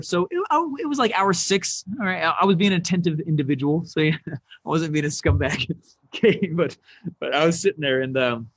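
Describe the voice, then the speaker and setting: High-voiced man giving an animated business talk. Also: no room sound. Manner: animated, rising to near shouts on key points. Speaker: speaker.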